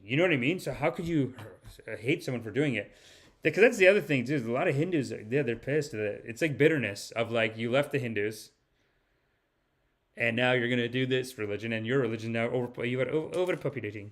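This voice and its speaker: A man hosting a comedic podcast monologue, rambling and animated, sometimes slipping into a mock spiritual-guru pitch. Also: a little fast. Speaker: podcast host.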